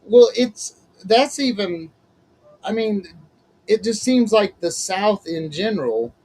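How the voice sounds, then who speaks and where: A man's voice: high-pitched, animated, takes it slowly, a little mellow, rough recording. A man hosting a casual chat as a minister, folksy and chatty, laughing often. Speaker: host, minister.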